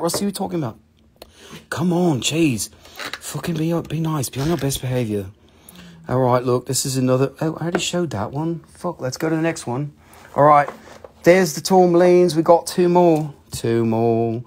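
A man runs a live rock sales stream from home, playful and profane, laughing as he goes. His voice sits a bit high and has a gravelly fry to it. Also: lively intonation, fairly quick. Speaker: host of a live mineral sales show. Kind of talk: joking live sales pitch.

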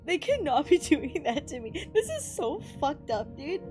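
A woman's voice: high-pitched, big pitch swings, normal speed, darkish tone, soft background music. A young woman streamer reacting to a game, crying and laughing through tears while she swears. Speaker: Vtuber streamer. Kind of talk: gaming reaction commentary.

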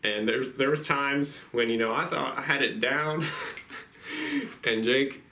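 A man's voice: medium pitch, moderate pace, sharp tone, echoey room. A man hosting a duck hunting vlog, talking in a laid-back, rambling way with lots of "you know" fillers. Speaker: duck hunting channel host. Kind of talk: casual vlog talk.

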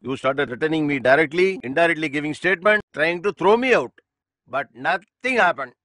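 A man's voice: on the high side, animated, a little fast, a bit bright, no echo. A man dubbing a brash, boastful upstart politician in a movie, mocking and swaggering. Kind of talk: movie dub. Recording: dry dub with faint music.

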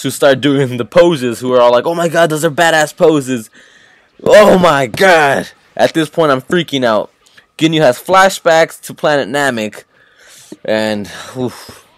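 A hyped man recaps an anime episode for his channel, swearing freely and piling up exclamations. His voice sits at an ordinary middle pitch. It sounds dry and close, with no room echo. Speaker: anime reaction channel host.

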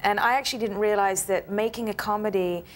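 A woman's voice: medium pitch, fairly even intonation, a little fast, slight background noise. A woman from London with a British accent, a guest actress on a TV talk show, modest and wry, laughing easily.

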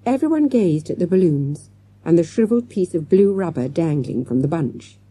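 A woman's voice: on the low side, moderate pace, slightly rough, no echo. A woman narrating a children's storybook, voicing the characters as she goes. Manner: lively, acts out character lines. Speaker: audiobook narrator.

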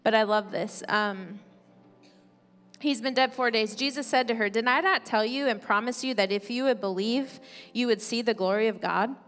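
A woman's voice: on the high side, normal speed. A woman pastor preaching a sermon, reading scripture aloud and explaining it conversationally. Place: church sanctuary. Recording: church hall reverb with soft music.

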